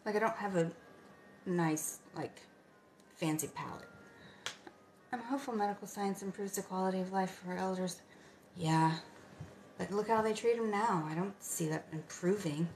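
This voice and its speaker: A woman in her fifties hosting a casual late-night livestream from home, chatty and answering viewer comments with soft asides. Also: medium pitch, normal speed, pauses often, a little hiss or hum. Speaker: livestream host.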